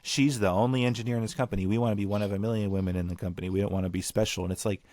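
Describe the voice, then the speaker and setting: A man's voice: on the low side, fairly even intonation, racing, a little mellow, no echo. A young man hosting a casual podcast chat, ranting bluntly and swearing. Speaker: podcast host.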